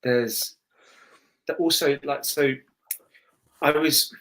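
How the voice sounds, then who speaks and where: A man's voice: fairly high pitch, steady tone, slow pace, fairly bright tone. Rambling, self-mocking man on a podcast. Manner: self-deprecating, rambling with restarts and swearing. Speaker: voice actor guest. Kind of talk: casual podcast chat.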